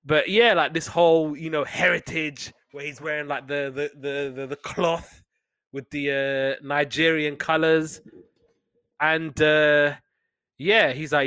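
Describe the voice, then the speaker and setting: Male co-host, bright edgy voice, dry close sound, lively sports chatter. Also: unhurried, clear, resonant tone, dry recording. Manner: animated, gets loud and high when excited. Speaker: podcast co-host. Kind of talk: casual sports chat.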